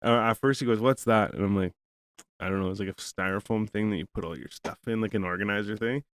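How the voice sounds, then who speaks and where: Talking fast in a fairly low, clear and resonant voice, a man hosting a podcast spins a rambling story full of profanity. In casual conversation, he plays both parties in the exchange he describes.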